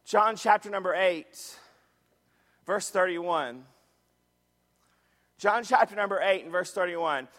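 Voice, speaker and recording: A man preaching in a church sanctuary, his voice pitched high for a man. His delivery is emphatic, and he repeats key phrases and throws questions back to the congregation. A long reverb trails each phrase. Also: slow pace, pauses often, fairly bright tone. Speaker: pastor. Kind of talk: sermon.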